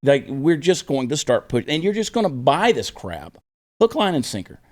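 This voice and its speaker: A man's voice: a little high, moderate pace. Sarcastic male talk show host. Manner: sarcastic, animated, with mocking voices. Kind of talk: casual political chat.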